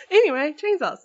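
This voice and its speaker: A woman's voice: very high voice, muffled recording, slight background noise. A woman co-hosting a podcast in casual chat, telling stories animatedly and acting out quotes. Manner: animated storytelling, acts out quotes, gasps. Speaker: podcast co-host.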